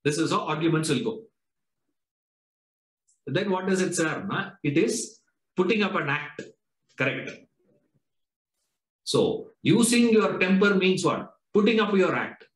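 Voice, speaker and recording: Male Vedanta teacher, Indian English accent, higher-pitched voice, roomy echo, prods the class with rhetorical questions. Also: lively intonation, a little slow, long pauses. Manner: questioning, rhetorical, drills students with "no?" and "huh?". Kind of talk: classroom lecture. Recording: echoey lecture room.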